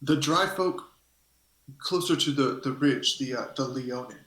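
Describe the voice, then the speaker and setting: A man's voice: mid-range voice, unhurried, a bit bright, lightly acted. A man voicing a polite, cautious merfolk man who speaks formally and deferentially. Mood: polite concern. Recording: echoey room.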